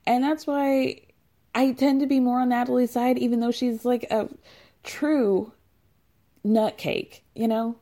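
A woman's voice: a little high, flat delivery, measured pace, dark tone. A woman in her thirties recapping a reality show in casual chat, sarcastic and chatty, acting out what people said and laughing often. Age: 30s.

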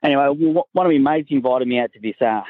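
A man's voice: mid-range voice, very fast, dry recording, phone-quality sound. An Australian man telling a crude, rambling anecdote in a recorded voice message. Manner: crude, laid-back yarn-spinning. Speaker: caller sending in a voice message.

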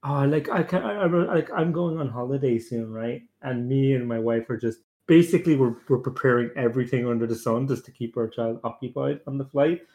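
Blunt, sweary podcast host. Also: male voice, medium pitch, fairly quick, few pauses, darkish tone. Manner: blunt, sweary, mocking voices of other parents. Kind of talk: casual panel chat.

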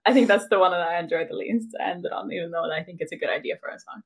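A woman's voice: on the low side, very fast, vocal fry. A woman co-hosting a podcast, chatting casually, laughing often and slipping into quoted asides. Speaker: podcast co-host. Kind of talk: casual chat.

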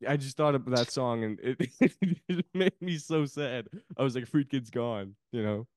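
A man's voice: mid-range voice, normal speed, dry recording, studio quality. A man guesting on a podcast, chatting casually about films, rambling and laughing often. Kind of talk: casual film chat.

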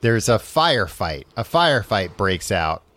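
A man's voice: fairly low pitch, big pitch swings, unhurried, fairly bright tone, no room sound. A man casually recapping a book on a podcast, rambling with lots of fillers and laughing often. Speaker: podcast host.

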